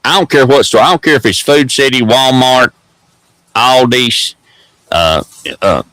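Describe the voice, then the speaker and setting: A man's voice: mid-range voice, lively intonation, unhurried, fairly bright tone, no echo, rough recording. A man with an East Tennessee accent hosting a vlog, rambling through a casual story in a folksy drawl with lots of repeated words. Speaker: host.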